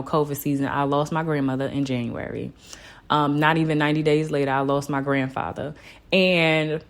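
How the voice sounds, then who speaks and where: A woman talks straight into her own podcast in a loose, personal monologue. Her voice sits notably low, and she speaks with open emotion, often leaning on "you know.". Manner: candid and emotional, with frequent "you know" fillers. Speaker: podcast host.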